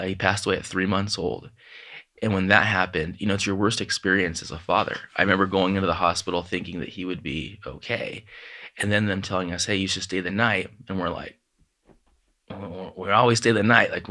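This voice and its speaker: Deep-voiced man telling heartfelt stories. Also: pushed and bright. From Southern California. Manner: heartfelt, halting, many restarts and "like"s, quotes his parents. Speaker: podcast guest, author. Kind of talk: emotional personal storytelling.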